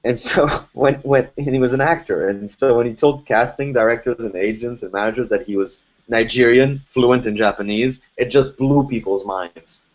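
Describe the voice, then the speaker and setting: A man's voice: mid-range voice, normal speed, hardly any pauses, lo-fi sound. A man from Lebanon, a French native speaker, explaining things conversationally as a voice actor guest in a podcast interview, with many restarts.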